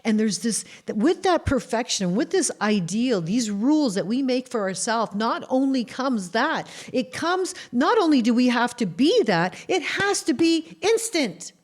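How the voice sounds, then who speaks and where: A woman from Canada, talking in a casual interview as an author and guest, telling animated stories and acting out the voices of the people in them. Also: fairly high pitch, a little slow, few pauses. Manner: animated storyteller who acts out quoted voices.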